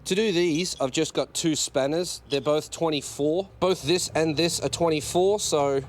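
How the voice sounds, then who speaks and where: A car vlogger with a voice on the high side talks at a measured pace as he works under a car in his garage. The casual, self-filmed clip uses an external mic on an action camera, and he grumbles, swears at the job, and jokes about himself.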